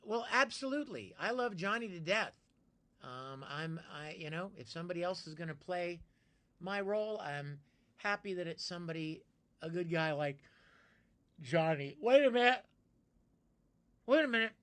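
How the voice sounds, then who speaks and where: A bright, ringing male voice chatting live with viewers from a home streaming setup. He is playful and greets people by name with sudden bursts of excitement. He then drops into easy, joking banter. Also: high voice, moderate pace, pauses often.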